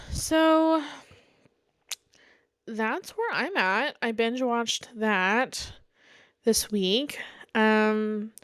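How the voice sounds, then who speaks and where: Young woman, solo podcast host, chatty and rambling, smooth voice a little higher than usual, close and dry mic. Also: dry recording. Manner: rambling, frequent "like" and "um", candid opinions. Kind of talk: casual solo chat about reality TV.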